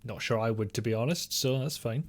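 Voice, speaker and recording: An Englishman hosts a live game stream in a loose, rambling way, chatting to viewers and swearing mildly now and then. His voice sits at an ordinary middle pitch. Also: brisk. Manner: rambling, talks to chat, mild swearing. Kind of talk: casual live-stream chat.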